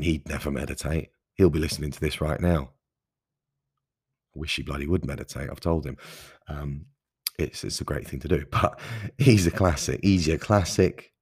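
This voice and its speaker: A man's voice: very deep voice, a little mellow, slightly rough, no echo, studio quality. A man in his thirties hosting a solo podcast, talking in an earnest, enthusiastic, conversational way. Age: 30s. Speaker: podcast host.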